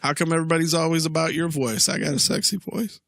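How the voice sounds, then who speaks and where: A man with a bright, lively ring co-hosts a casual podcast, sick on cold medicine. He jokes crudely and draws his words out in rambling phrases. The sound is dry and close. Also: a little high, gravelly, dry recording. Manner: crude joking, drawn-out rambling. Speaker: podcast co-host.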